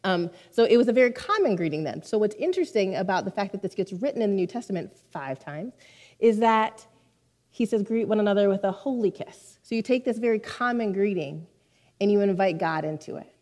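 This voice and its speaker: A woman pastor preaches to her church in a brisk, expressive voice of medium pitch and darkish tone. Her sermon is conversational and heartfelt, full of asides, and for a moment she is close to tears.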